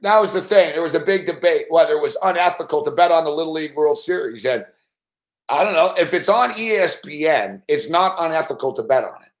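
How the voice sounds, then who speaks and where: A man hosting a live late-night sports betting show, telling stories in a profane, animated way with mock shouted outbursts. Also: a little high, brisk.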